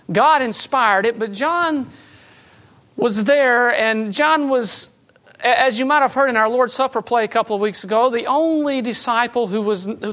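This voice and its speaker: High-voiced woman preaching a sermon. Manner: conversational preaching with light humor; emphatic, swings between loud and soft.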